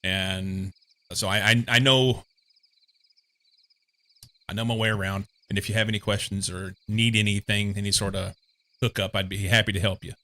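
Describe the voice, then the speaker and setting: Bright-voiced rambling streamer man. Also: lowish voice, fairly even intonation, moderate pace, long pauses. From Missouri. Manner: rambling, meandering, many fillers. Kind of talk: casual chat while playing a game.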